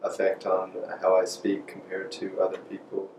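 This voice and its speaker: A young man speaking in a thoughtful, measured way. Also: deep voice, monotone, reverberant, recorded from a distance, background noise.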